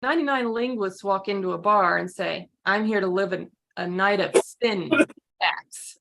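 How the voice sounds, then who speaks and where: Female improv player, mid-pitched, plain and slightly hesitant. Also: measured pace, gravelly, a bit bright. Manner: plain, slightly hesitant delivery of pun jokes. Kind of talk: casual joke telling.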